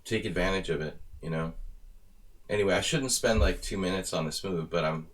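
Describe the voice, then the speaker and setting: This is a low-pitched American man commentating his own blitz chess game on a live stream. He thinks out loud, weighing moves in a loose, conversational way, and slips in wry offhand asides. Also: a little fast. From near Philadelphia, USA.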